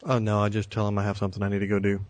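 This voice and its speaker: A man with a fairly low voice chats as co-host on a gaming podcast. He sounds upbeat and easygoing and often calls things cool. The recording is dry, with little room sound. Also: completely flat delivery, very fast, darkish tone, dry recording. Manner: enthusiastic, easygoing, says cool a lot. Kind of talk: casual chat.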